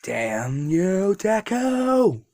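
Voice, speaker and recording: A man voicing a hot-headed teenage boy rival who yells in fury. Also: high-pitched, big pitch swings, drawn-out words, no echo, clean studio sound, voice pushed up, exaggerated voice. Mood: furious.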